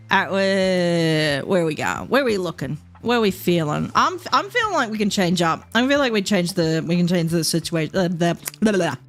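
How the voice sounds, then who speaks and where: A young woman livestreaming a game, chatting casually and thinking out loud in a rambling, easygoing way. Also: fairly low pitch, animated, normal speed, soft background music. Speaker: streamer. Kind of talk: casual gameplay chat while livestreaming.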